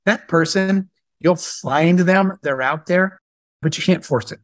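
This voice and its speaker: A man speaking as a guest entrepreneur in a live question-and-answer talk, telling stories in a lively, conversational way. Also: sits high, a little slow, no room sound, studio quality. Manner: animated storyteller who acts out dialogue.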